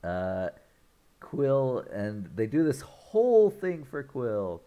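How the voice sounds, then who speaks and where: A man's voice: medium pitch, very animated, takes it slowly, warm tone. A man casually recapping a film's plot for his channel, chuckling often as he rambles through the scenes. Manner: rambling, loose retelling with restarts. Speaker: online film reviewer.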